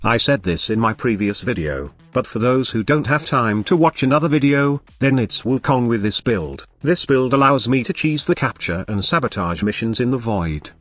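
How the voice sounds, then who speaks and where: A man's voice: mid-range voice, lively intonation, moderate pace, few pauses, a bit bright, soft background music. A man narrating a scripted gaming guide in a matter-of-fact, instructive way.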